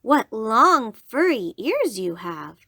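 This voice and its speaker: A woman voicing an eager little girl in a red hood in a storybook, speaking slowly and wide-eyed. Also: fairly high pitch, big pitch swings, sharp tone, dry recording, clean studio sound, full character voice. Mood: wondering.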